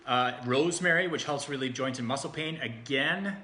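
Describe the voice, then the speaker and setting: Upbeat man, bright voice. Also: medium pitch, moderate pace. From Canada. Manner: chatty, upbeat, jokey, with frequent fillers. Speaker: vlogger reviewing essential oils. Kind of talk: casual product walkthrough. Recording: echoey room.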